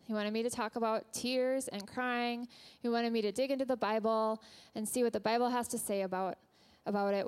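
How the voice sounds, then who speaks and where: Smooth, higher-voiced woman preaching candidly. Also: darkish tone. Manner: candid, self-conscious, light laughs, fillers. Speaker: guest speaker at church. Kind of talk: personal sermon. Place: church hall before a congregation.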